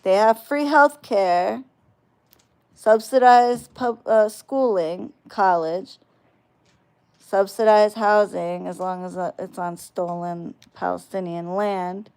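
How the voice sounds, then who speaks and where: Woman vlogger on a mocking, cussing rant; unhurried delivery, clean resonant tone. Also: medium pitch, fairly even intonation, a little mellow, clean tone. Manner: profane, combative, mocking. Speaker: video channel creator. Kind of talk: ranting vlog.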